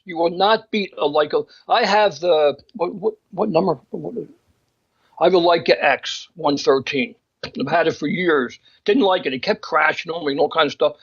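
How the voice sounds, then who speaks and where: A man with a somewhat high voice talks in emphatic, opinionated bursts, often restarting his sentences. It is a casual chat. The recording sounds dull and lo-fi. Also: gravelly, a bit bright, breathy edge. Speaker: magazine co-host discussing photographers.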